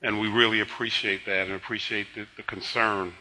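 An older man in his sixties preaches from the pulpit, his voice strikingly bright and sharp. He sounds tired, yet he talks easily, telling stories and steering his listeners between passages. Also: on the low side, flat delivery, low-quality recording. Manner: leads congregation in slow emphatic spoken confession; conversational storytelling between scripture. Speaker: pastor. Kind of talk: sermon.

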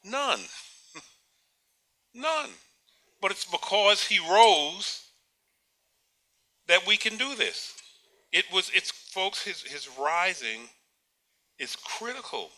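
A man's voice: high voice, animated, takes it slowly, long pauses, sharp tone. A man preaching a sermon, firing off rhetorical questions, repeating words as he goes and chuckling at his own points.

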